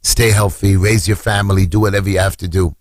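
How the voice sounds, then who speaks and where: A middle-aged New man with a low, husky voice tells a family story with dramatic swings. His voice leaps high when he acts out the shouts in the story. The sound is dry and close, with no room echo. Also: fairly even intonation, quick pace. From Brooklyn, New York. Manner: dramatic retelling, voice leaping high when acting out screams. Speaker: council candidate. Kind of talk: emotional storytelling on radio.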